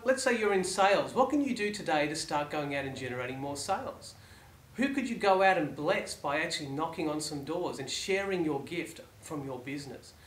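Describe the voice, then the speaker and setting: A man with a high voice delivers a motivational talk, asking question after question. His phrases often fade quietly at their ends. The sound is echoey, with faint room ambience behind him. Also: a little hiss or hum. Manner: rhetorical questions, dropping to soft endings. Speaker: motivational speaker.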